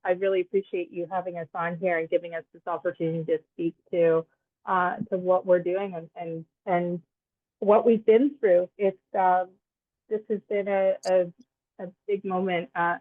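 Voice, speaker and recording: A woman guest on a podcast, speaking in a halting, grateful way with many restarts. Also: lowish voice, steady tone, no room sound. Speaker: guest, nonprofit co-founder. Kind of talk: interview answer. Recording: tinny phone-like line.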